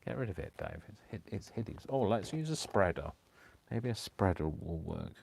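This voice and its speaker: Low-voiced man chatting while crafting. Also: animated, moderate pace, gravelly, a little mellow, slightly rough, no room sound. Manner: rambling, self-talking, apologetic. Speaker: craft channel host. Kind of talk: casual live crafting chat.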